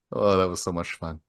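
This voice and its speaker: A man co-hosting a casual podcast, telling profane anecdotes and laughing often. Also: deep voice. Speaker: podcast co-host.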